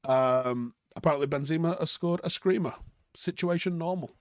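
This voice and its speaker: This is a young man, chatting casually on a live stream, his voice sitting a little high for a man. He rambles, fills gaps with ums, and swears without a second thought. The sound is close and dry, with no room echo. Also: normal speed. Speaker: fan channel host reading live chat.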